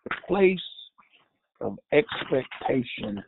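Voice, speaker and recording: Male host-preacher, unhurried, gravelly, stop-start delivery, repeated refrain, dry phone-quality sound. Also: medium pitch, sing-song, slight background noise. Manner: halting, repetitive, with many restarts and fillers; drives points home with a repeated refrain. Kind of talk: devotional sermon.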